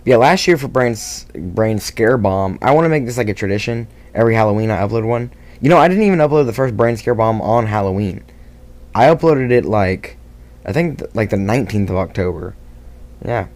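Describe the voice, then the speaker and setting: A man chats casually about his own video in a slightly low voice. He rambles, circles back and stumbles through fillers, sounding critical of his own work. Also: expressive, a little fast, darkish tone. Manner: rambling, self-critical, many fillers and restarts. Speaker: video creator. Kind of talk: casual behind-the-scenes vlog talk.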